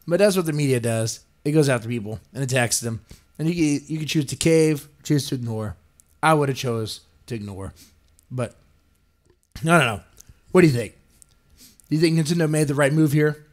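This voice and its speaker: This host's voice is a little high and animated, at normal speed with frequent pauses. His podcast commentary is a profane rant, and he ridicules those he quotes by putting on voices.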